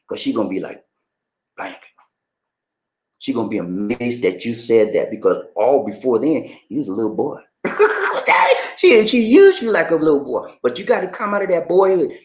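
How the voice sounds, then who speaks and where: Emphatic preachy man in an echoey room. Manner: emphatic, preachy, calls the listener "man" and "baby"; animated, swoops up high for emphasis. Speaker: relationship advice vlogger. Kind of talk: casual motivational advice talk.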